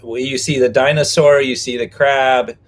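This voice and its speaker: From a vehicle parked behind a restaurant, a man co-hosts a live stream, joking casually and playfully with viewers and playing rhyming name games. His medium-pitched voice holds a steady tone at a moderate pace.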